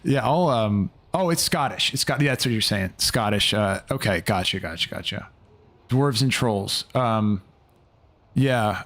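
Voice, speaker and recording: A man's voice: lowish voice, unhurried, a bit bright. A young man streaming a video game live, chatting loosely and rambling, swearing casually as he plays.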